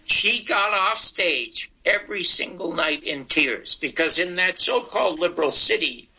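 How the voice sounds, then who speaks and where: A man's voice: sits high, unhurried, slightly rough, muffled recording. An older man telling stories in an interview, acting out the dialogue in his anecdotes. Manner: animated, acts out dialogue in his story. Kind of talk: anecdotal storytelling.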